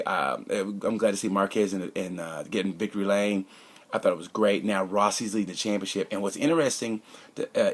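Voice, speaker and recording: Husky low-voiced man reviewing a race. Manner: rambling, joking, drops to a conspiratorial whisper. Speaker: motorcycle racing commentator. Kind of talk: casual opinionated race review.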